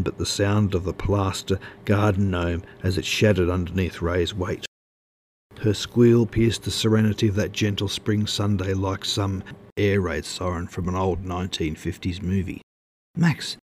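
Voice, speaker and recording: Male narrator; very low voice, measured storybook reading. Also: darkish tone, slight background noise. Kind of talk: audiobook narration.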